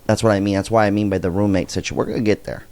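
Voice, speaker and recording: A middle-aged man hosting a casual reaction video, talking in an animated, blunt way and swearing freely. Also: fairly low pitch, racing. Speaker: commentary video host.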